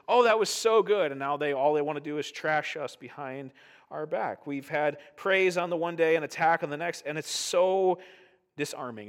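A middle-aged male pastor giving a conversational sermon, animated and often checking in with "right?". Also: on the high side.

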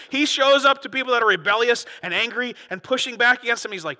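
A man preaching a sermon as a pastor, moving between quiet asides and loud, animated bursts. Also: high-pitched, fast talker, big-room sound.

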